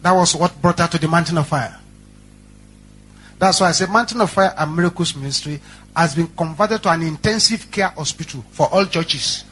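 A man's voice: on the high side, normal speed, a bit bright, slight background noise. A male pastor preaching a sermon and telling stories in a dramatic, repetitive, emphatic way. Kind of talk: sermon storytelling.

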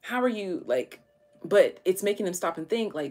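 A woman's voice: fairly low pitch, animated, normal speed, a little mellow, faint music behind. Chatty slangy woman reading tarot. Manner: chatty, slangy, thinks aloud with many fillers. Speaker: tarot reader.

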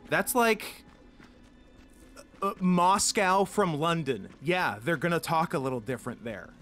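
A man's voice: on the high side, lively intonation, measured pace, fairly bright tone, soft background music. A man co-hosting a gaming stream, telling rambling stories and joking dryly, with fillers. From Canada. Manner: wry, rambling, stumbles with fillers. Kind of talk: casual storytelling and banter.

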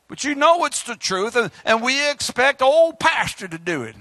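Fiery high-voiced preacher man. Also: sing-song, no echo. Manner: fiery, exhorting, rapid shifts between shouting and quiet asides. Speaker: pastor. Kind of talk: sermon.

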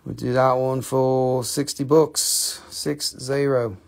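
A man's voice: mid-range voice, level tone, slow, gravelly. A man hosting a live stream where he sells minerals, with joking, chatty patter that coaxes viewers to comment.

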